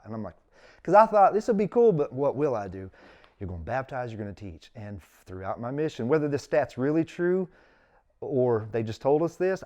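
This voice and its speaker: A man's voice: medium pitch, warm tone. A middle-aged man, telling his story in casual conversation as an interview guest and acting out quotes with big jumps in his voice.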